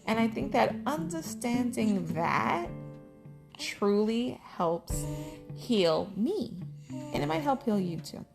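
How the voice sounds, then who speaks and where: A woman's voice: medium pitch, vocal fry. A middle-aged woman vlogging about her life in a candid, heartfelt, rambling way. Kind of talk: casual personal talk to camera.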